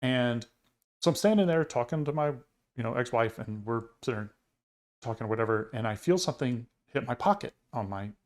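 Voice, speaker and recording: A podcast co-host with a medium-pitched, animated, slightly fast voice tells a travel story in casual chat, rambling with plenty of fillers and restarts.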